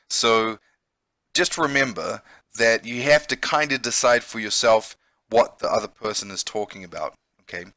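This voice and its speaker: A man's voice: mid-range voice, pushed and bright, no room sound. A man who works as an English teacher, giving a vocabulary lesson and explaining patiently, often checking in with "okay?".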